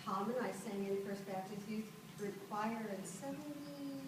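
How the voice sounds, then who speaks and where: A woman's voice: medium pitch, moderate pace. A woman giving an informal, chatty tribute speech at a birthday party, laughing between stories and using frequent ums. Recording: echoey hall, mic far off, party noise.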